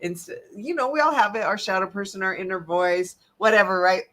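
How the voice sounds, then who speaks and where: A woman holistic health coach giving an animated, emphatic motivational talk, swinging between loud and soft. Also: mid-range voice, brisk.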